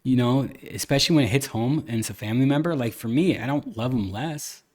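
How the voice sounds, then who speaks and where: A man's voice: mid-range voice, a little fast. A man hosting a podcast, chatting casually and retelling a family story, with lots of restarts, quoted dialogue and the odd cuss word. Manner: animated storyteller, many restarts, retells dialogue, occasional cussing. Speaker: podcast host. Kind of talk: casual chat.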